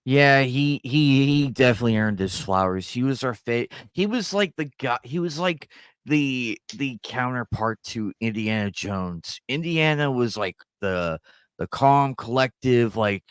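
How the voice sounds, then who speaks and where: A man's voice: mid-range voice, animated, measured pace, clean tone, dry recording. Rambling, foul-mouthed man in casual chat. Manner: loose, rambling, swears freely. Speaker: co-host of a movie reaction channel. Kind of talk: casual chat about films.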